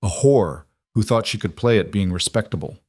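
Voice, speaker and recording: A man's voice: fairly low pitch, normal speed, a little mellow, dry recording, studio quality, lightly acted. A man voicing a cruel frontier man who talks in a sneering, contemptuous way.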